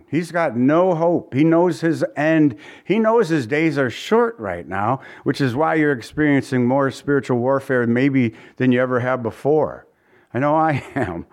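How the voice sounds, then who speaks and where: A man preaching a sermon, asking his listeners questions and quoting scripture in a rising voice, dropping low to stress his points. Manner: animated preaching, rising high for quotes and dropping low for emphasis.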